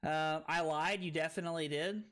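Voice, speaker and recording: A tipsy man streaming a card game, swearing, laughing and breaking into loud excited outbursts. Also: a little high, a little fast. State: tipsy from drinking. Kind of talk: casual livestream commentary.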